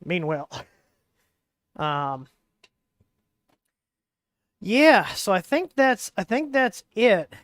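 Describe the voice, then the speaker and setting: A man's voice: high voice, very animated, drawn-out words, long pauses, fairly bright tone, no room sound, studio quality. A man hosting a casual livestream, rambling with lots of fillers as he explains hardware while working on it, speaking into a wireless mic. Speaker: livestream host. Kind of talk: casual hands-on tech livestream.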